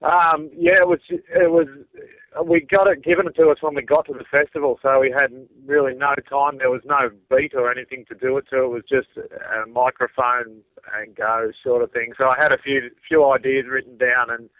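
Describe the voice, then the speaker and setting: A man's voice: mid-range voice, steady tone, normal speed, no room sound. An Australian man calling in to a show, chatting in a laid-back, easygoing way. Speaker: caller. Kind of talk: casual phone chat. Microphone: phone. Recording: phone line.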